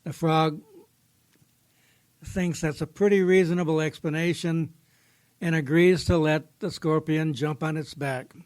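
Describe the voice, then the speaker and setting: A man's voice: fairly high pitch, fairly even intonation, unhurried, long pauses, darkish tone. A man hosting a podcast from a studio, talking in a plainspoken, folksy way and telling a fable in casual storytelling form. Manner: folksy, plainspoken, tells a fable with small quoted voices. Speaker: podcast host.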